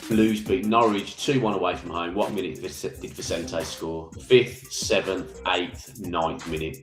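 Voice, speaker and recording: A very low-pitched man with a Birmingham accent runs a live football quiz, reading every question twice and saying "mate" a lot. His voice rings around an echoey room, with faint music playing behind. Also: fairly even intonation, a little slow. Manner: reads each question twice, chatty with frequent "mate". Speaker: football phone-in co-host.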